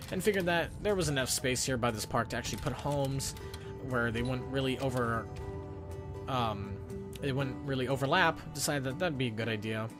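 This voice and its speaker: A young man chatting his way through a gameplay recording in a loose, rambling style. He keeps acting out his own thoughts as quotes and drifts from point to point. Game music plays clearly behind his voice. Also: mid-range voice. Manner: rambling, self-narrating with quoted inner thoughts. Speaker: gameplay commentator. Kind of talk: casual gameplay commentary.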